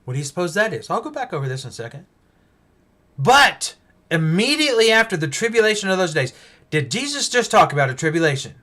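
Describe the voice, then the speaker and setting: A male preacher giving a Bible-teaching sermon, emphatic and full of rhetorical questions, swinging between loud stresses and hushed asides. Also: high voice, big pitch swings, fast talker.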